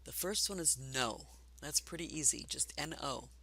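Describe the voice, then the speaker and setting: A woman teaching a basic reading lesson for adults, patient and encouraging, speaking slowly and clearly. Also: rumbling low, bright, forceful tone.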